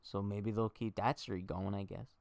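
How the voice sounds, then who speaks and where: A man's voice: on the low side, steady tone, moderate pace, vocal fry, a little mellow, no room sound, studio quality. Chatty young man streaming baseball talk. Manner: chatty, jokey, talks to chat directly. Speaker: livestream baseball host. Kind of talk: casual livestream chat.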